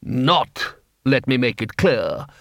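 A man's voice: mid-range voice, sing-song, slow, gravelly, fairly bright tone, no echo, clean studio sound, full character voice. A man voicing a cool, cunning city ruler who speaks in precise, dryly ironic sentences.

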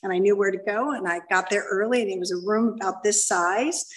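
At a recovery meeting, a middle-aged woman shares her story in front of a live audience in a meeting room, candid and poking fun at herself. Her mid-range voice stays steady and brisk, recorded from some distance away.

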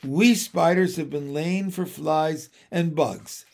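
A man's voice: fairly high pitch, slow pace, gravelly, a little mellow. A man reading a storybook aloud, voicing a small, clever female spider who explains things in a cool, matter-of-fact way. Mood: explaining. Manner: cool, practical, plainly explaining.

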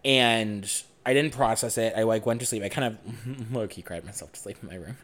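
A young man co-hosting a podcast, telling a personal story in a frank, animated way and swearing freely. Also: fairly low pitch, brisk. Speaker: podcast co-host.

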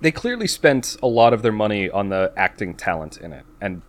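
A podcast co-host with a fairly low voice and big swings in pitch talks fairly quickly in casual chat. He's talkative, repeats words as he starts a thought, and quotes lines in a put-on voice.

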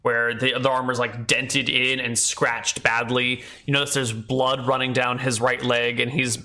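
A man's voice: mid-range voice, level tone, a little slow, sharp tone. A man running a tabletop game as game master, narrating casually with lots of fillers.

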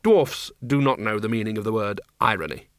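A man narrating an audiobook in a dry, measured comic reading. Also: fairly low pitch, no echo. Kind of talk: scripted narration.

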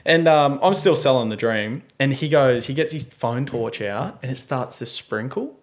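Young guy, podcast guest, lively storyteller who acts out the voices. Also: mid-range voice, moderate pace. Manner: animated, acts out quoted voices, laughs often. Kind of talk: casual storytelling chat.

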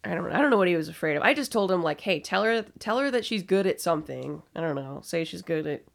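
A woman's voice: lowish voice, expressive, fast, creaky. A young woman co-hosting a podcast, telling work stories in a blunt, casual way and swearing freely. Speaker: podcast co-host. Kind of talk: casual chat.

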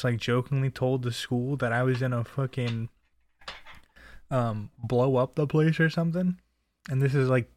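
A man's voice: mid-range voice, no echo, clean studio sound. A young man from New Jersey telling personal stories in a loose, profane, chatty way. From New Jersey, USA. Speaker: storyteller. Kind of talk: casual personal storytelling.

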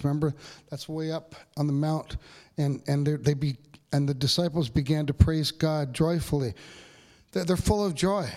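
A pastor preaching a sermon in a church, talking to the congregation in a loose, conversational way with fillers and asides. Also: male voice. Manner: builds to excited, higher-pitched preaching.

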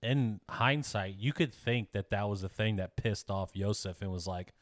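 A man co-hosting a casual movie podcast, chiming in with jokes and quick interjections. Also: fairly low pitch, fairly even intonation, no echo, studio quality. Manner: jokey interjections, laughs often. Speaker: podcast co-host.

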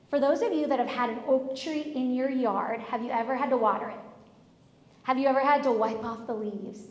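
A woman in her thirties giving a sermon built on personal stories, animated and acting out the back-and-forth of conversations. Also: on the high side. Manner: animated storyteller, acts out quoted exchanges. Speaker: speaker at a church service. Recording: echoey hall.

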